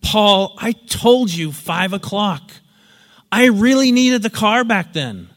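A man's voice: a little high, lively intonation, fast, a bit bright. A man voicing a fed-up male friend who scolds angrily. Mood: angry. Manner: angry, scolding. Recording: long hall reverb.

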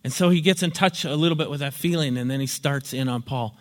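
A man's voice: mid-range voice, quick pace. A man giving a lecture in a storytelling, explanatory manner. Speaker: teacher. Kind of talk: spoken lecture with acted examples. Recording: long hall reverb.

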